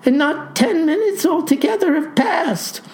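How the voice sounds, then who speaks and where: A woman's voice: on the high side, very animated, slow, dark tone, a little hiss or hum, exaggerated voice. A woman voicing a flustered, bewildered young female postal clerk who exclaims in a rattled way.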